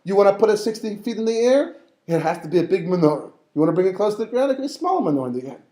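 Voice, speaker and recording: A man's voice: sits high, big pitch swings, racing, dark tone, roomy sound. A man teaching a Torah class as a rabbi, talking animatedly and acting out the voices of figures in the story. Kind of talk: lively Torah class lecture.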